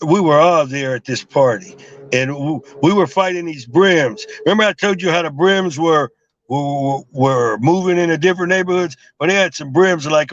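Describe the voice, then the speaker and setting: A man's voice: a little high, fairly bright tone, dry recording. Man, rambling street tales. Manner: rambling with many fillers and restarts. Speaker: guest. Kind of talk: casual storytelling interview. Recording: dull lo-fi live stream audio.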